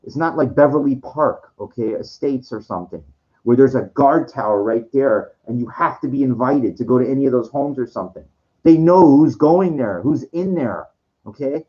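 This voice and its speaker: A man's voice: medium pitch, lively intonation, moderate pace, dull audio. A man talking in a rambling monologue, full of restarts and swearing, sometimes acting out what others said. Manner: quoting others in acted voices. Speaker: streamer.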